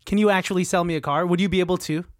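A young man with a notably high voice chats casually across a table with a friend. He jokes, teases and slips into a mock sales pitch with ease. The sound is close and dry. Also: fairly even intonation, racing, no echo. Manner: playful, laughs often, mock sales pitch. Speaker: podcast co-host. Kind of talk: casual chat. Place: small room at a table. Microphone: studio mic, camera present.

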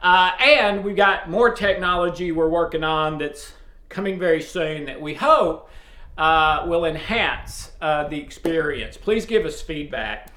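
A man from East Tennessee with a strong Southern accent, casually and loudly addressing viewers as host of a faith video series. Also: fairly high pitch, measured pace. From East Tennessee, USA. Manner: loud, speaks up forcefully. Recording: roomy echo.

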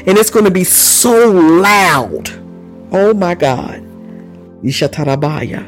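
A man's voice: high-pitched, sing-song, slow, faint music behind, low-quality recording. A man preaching a charismatic sermon, fervent and repetitive, with bursts of praise and speaking in tongues. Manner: exclaims praise often.

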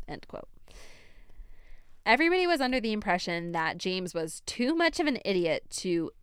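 A woman's voice: mid-range voice, big pitch swings, unhurried, fairly bright tone, clear, resonant tone, dry recording, studio quality. A young woman hosting a true crime podcast, telling the story in a chatty, casual way with frequent laughter and emphatic asides.

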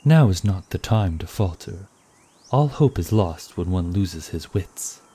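A man's voice: deep voice, animated, measured pace, dark tone, breathy edge, heavily acted. A man voicing a stern, unbending male warden in an audiobook, giving firm commands.

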